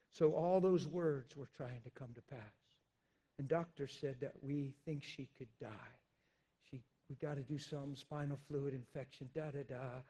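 A man preaching a personal testimony, emphatic and intense, swinging from loud declarations down to hushed, quiet recounting. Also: a little high, breathy edge. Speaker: pastor. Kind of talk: sermon testimony.

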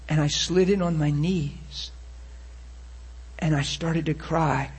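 A man gives a sermon testimony in a raspy voice that sits high for a man. His delivery swings from loud bursts to hushed passages as he tells the story. The huskiness colors every phrase. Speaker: preacher.

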